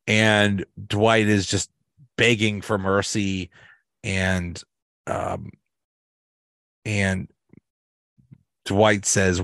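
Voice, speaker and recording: A man, hosting a podcast and casually recapping sitcom episodes, halting often with fillers and restarts. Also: lowish voice, fairly even intonation, dry recording, studio quality. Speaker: podcast host.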